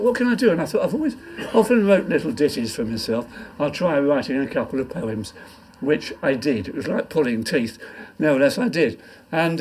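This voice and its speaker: In a pub function room, an older comic poet performs his poems live in a stand-up style, rambling and mocking himself. His voice is fairly high, a little mellow, and has a breathy edge.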